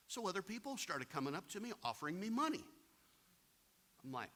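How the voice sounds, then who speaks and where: A man's voice: high voice, sing-song, moderate pace, bright, forceful tone. A plain-spoken man giving a real estate investing seminar, talking directly to the audience and acting out anecdotes. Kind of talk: seminar talk with acted-out anecdotes.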